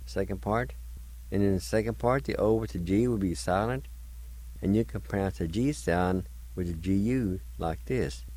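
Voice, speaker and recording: A male radio host giving a slow, deliberate vocabulary lesson, spelling each word letter by letter and repeating it several times. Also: fairly low pitch, dark tone, rough recording.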